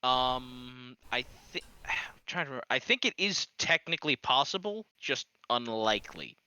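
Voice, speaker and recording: A man co-hosting a comedy show who keeps stepping in to object and correct the other host. His voice is very bright and crisp, heard dry and close through a dull lo-fi mic. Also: medium pitch, expressive, normal speed, dry recording. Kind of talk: comedic commentary.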